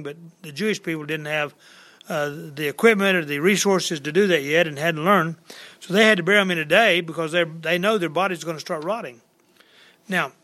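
A man's voice: high voice, fairly bright tone. A man preaching a plainspoken, conversational verse-by-verse sermon to a church congregation, retelling scripture in everyday words.

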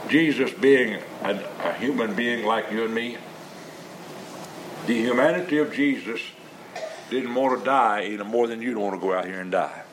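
A man with a mid-range voice preaches a sermon built on repeated refrains, stumbling into halting restarts and drawing out the stress on key words. The background is noisy.

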